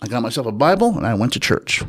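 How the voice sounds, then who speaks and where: A man speaking as an interview guest, recounting a personal story. He talks in an unhurried, reflective way, pausing often and filling gaps with small hesitations. His voice sits at an ordinary middle pitch for a man. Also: sing-song, fairly bright tone, slightly rough. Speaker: interview guest, author and researcher.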